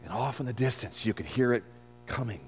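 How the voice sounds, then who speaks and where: A man preaching a dramatic first-person sermon as a weathered, shaken fisherman disciple, storytelling in swings from hushed to loud. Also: medium pitch, expressive, fairly quick, slightly rough, faint music behind. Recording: long reverb of a large hall.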